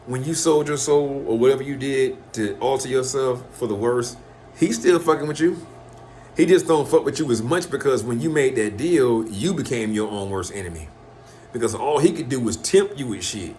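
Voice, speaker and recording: A man talks in a loose, rambling monologue, heavy on swearing. His pitch sits in the middle range, and he drops into other voices to act out quotes. A faint hiss of noise runs under the recording. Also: darkish tone.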